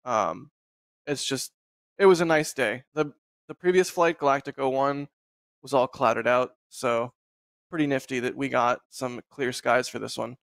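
A man's voice: medium pitch, measured pace, vocal fry, no room sound. A man hosts a casual live stream, rambling easily and laughing as he goes. His voice sits in a middle range, and the sound is dry and close, as over a video call. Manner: relaxed, rambling, laughs often. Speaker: host.

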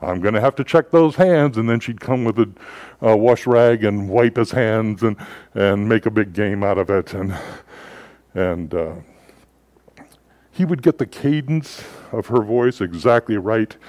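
A man giving a sermon as a pastor, telling stories in a relaxed, conversational way with frequent filler words. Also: on the low side, a little slow, pauses often, no echo.

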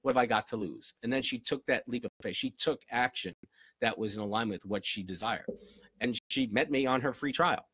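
A man's voice: mid-range voice, fairly quick, pushed and bright, husky, no echo. A man, a relationship coach, answers viewers' questions in an earnest, encouraging live-stream Q&A and repeats his key phrases. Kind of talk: live-stream Q&A, motivational advice.

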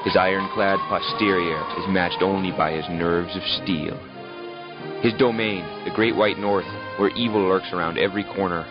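A Canadian man narrates with deadpan, rambling asides in a very low voice. The recording sounds dull and lo-fi, with music underneath. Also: moderate pace.

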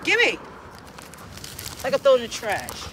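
A woman filming and commenting casually on her dogs, scolding them playfully, laughing, and loudly calling for her things back, recorded outdoors on a phone. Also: high-pitched, very animated, a little slow, very noisy. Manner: loud pleading calls.

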